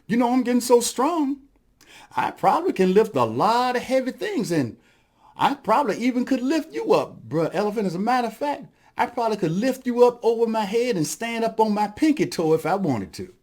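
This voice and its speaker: A cocky little trickster rabbit, put on by a male storyteller, bragging in a high, bouncy voice that jumps all over the place. He talks smooth and sly, like he's always selling something. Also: big pitch swings, brisk, darkish tone, exaggerated voice. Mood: boastful. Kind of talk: storytelling performance.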